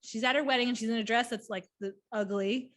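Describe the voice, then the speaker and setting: A woman co-hosting a podcast, chatting about a book in an excited, rambling way with quick bursts. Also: fairly high pitch. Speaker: podcast co-host. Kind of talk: casual book chat.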